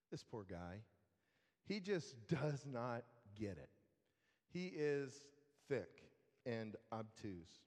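Slow-spoken preacher in an echoing hall. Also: male voice, high voice, sing-song. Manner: slow, conversational storytelling with dry humor. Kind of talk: sermon. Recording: long hall reverb.

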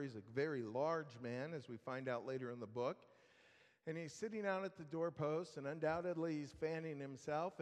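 A man delivers a sermon at a slow, deliberate pace, retelling a story with dry asides to the congregation. His voice sits fairly high for a man. A long reverb trails his words, as in a large hall. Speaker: preacher.

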